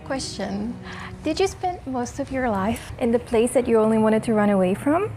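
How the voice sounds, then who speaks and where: Young female vlogger from Croatia, chatty, high voice, self-mocking. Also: expressive, normal speed, dark tone, soft background music. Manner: chatty, self-deprecating, emotional. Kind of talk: casual vlog talk to camera. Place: outdoors in a hot town.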